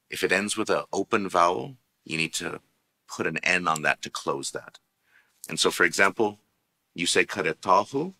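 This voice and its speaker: A man teaching a language lesson, explaining grammar patiently and clearly. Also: sits low, sharp tone.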